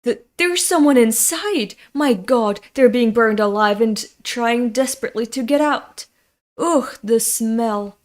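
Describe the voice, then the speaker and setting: A woman's voice: fairly high pitch, unhurried, natural voice. A woman voicing a frightened servant who stammers in panic. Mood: panicked. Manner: stammering, alarmed.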